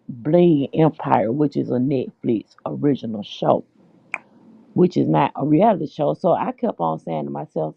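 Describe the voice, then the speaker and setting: Gravelly, dishy gossip host on a tinny line. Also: medium pitch, dry recording. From United States. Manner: chatty and dishy, calls listeners child and honey. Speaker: podcast host. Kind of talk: casual gossip chat. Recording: dry, tinny phone-like line.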